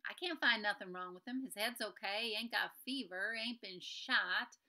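Brief: woman reading as terse old frontier doctor, folksy drawl, bright tone. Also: mid-range voice, normal speed. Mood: blunt. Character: gruff old male country doctor of few words.

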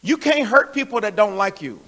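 A middle-aged man preaching a sermon in a conversational way, with restarts and laughs, who builds to emphatic shouts and calls out to the congregation. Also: high voice, very animated, normal speed.

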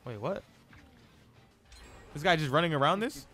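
A young man streaming live gameplay, chatting in an excitable, slangy, self-mocking way. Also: on the high side, moderate pace, soft background music.

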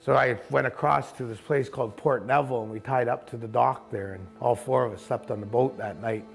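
A man who runs a kayak camp and tour boat, telling a first-person story in a vivid, colloquial way with quick asides. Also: medium pitch, fairly even intonation, creaky, husky, faint music behind.

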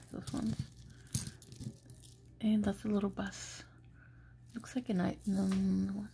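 A woman's voice: medium pitch, creaky, dark tone, a little hiss or hum. A woman vlogger in casual show-and-tell commentary, chatting and murmuring remarks about each item at home, with Spanish asides now and then. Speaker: jewelry vlogger.

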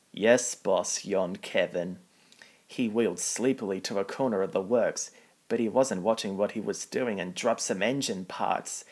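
A man reading a children's picture book aloud, plainly, with small slips. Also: on the low side. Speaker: storybook reader.

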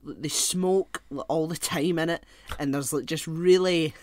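A man's voice: fairly high pitch, steady tone, measured pace, no echo, studio quality. A young man co-hosting a podcast in casual chat, rambling, laughing often and swearing offhandedly. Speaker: podcast co-host.

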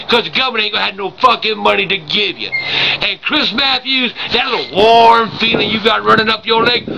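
Older man, gravelly profane rant. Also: sits high, background noise. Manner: profane, ranting, stammers when furious. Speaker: vlogger. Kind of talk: angry rant to camera.

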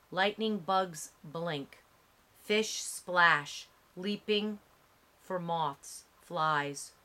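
A woman narrating an audiobook with a measured, dramatic reading. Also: fairly low pitch, bright, forceful tone.

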